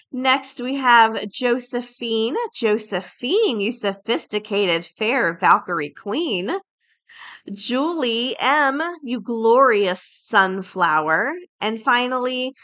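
This woman's voice sits on the high side with a fairly bright tone. Hosting her podcast, she talks in a chatty way and reads passages aloud, sprinkling in "uh" and "um."

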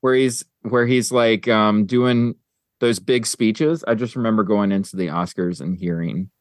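A man's voice: lowish voice, a little slow, no room sound, clean studio sound. A man hosting a podcast in casual chat, rambling with lots of fillers as he counts down a list. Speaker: podcast host.

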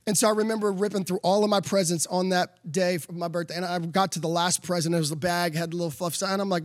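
High-voiced animated preacher man. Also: fast, hardly any pauses, dry recording, clean studio sound. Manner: animated storytelling with laughs, building to emphatic calls. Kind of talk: sermon with a personal story.

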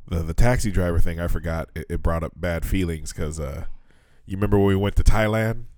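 Living in Fukuoka, Japan, a man in his thirties co-hosts a laid-back podcast, telling profane stories and mimicking what people said. His deep, slightly mellow voice moves a little fast, with no echo in the recording.

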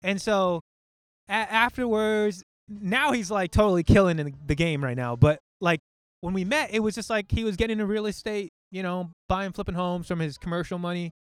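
Casual male guest, high smooth voice, filler-heavy talk, dry close mic. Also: moderate pace, no room sound. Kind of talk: casual chat. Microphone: studio mic.

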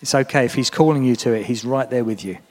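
A man's voice: mid-range voice, quick pace, a little mellow, soft background music. A man preaching a sermon in a church, talking earnestly and encouragingly to the congregation. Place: church hall. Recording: long reverb of a church hall.

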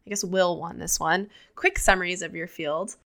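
A woman's voice: fairly low pitch, fairly even intonation, moderate pace, fairly bright tone. A woman co-hosting a podcast, reacting briefly and handing turns to her guests. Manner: short reactions, moderating turns. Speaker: podcast co-host and moderator. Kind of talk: casual podcast chat.

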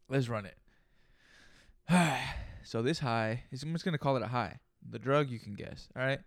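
A young man hosts his own podcast in a loose, profane, rambling way, tossing in jokey repeated asides. His voice has a gravelly fry at mid pitch. The recording is dry and close to the mic. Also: normal speed, long pauses, dry recording. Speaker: podcast host. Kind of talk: casual solo podcast monologue.

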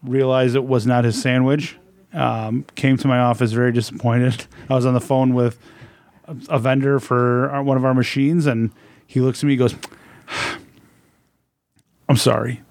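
A man telling casual workplace stories, blunt and swearing in a deadpan way. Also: mid-range voice, moderate pace, no room sound. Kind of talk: casual storytelling.

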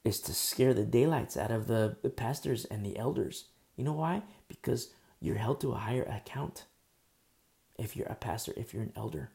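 A man's voice: fairly low pitch, normal speed, creaky, mellow. A man preaching a conversational sermon, emphatic and full of rhetorical questions.

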